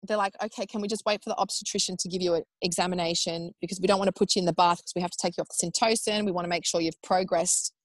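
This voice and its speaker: An Australian woman in her thirties, a podcast guest telling a personal story in a casual, animated way, acting out what people said. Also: on the low side, rapid-fire, hardly any pauses, dry recording. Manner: animated, acts out quoted speech in raised voices; chatty with frequent fillers like "like" and "um".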